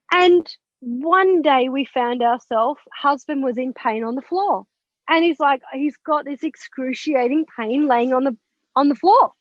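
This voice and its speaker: Podcast guest: frank, lively woman with a high voice, on a dull lo-fi recording. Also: unhurried, no echo. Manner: animated, candid, swears and laughs while recounting. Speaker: podcast guest, spiritual mentor. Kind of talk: personal storytelling in an interview. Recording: dull lo-fi, dry sound.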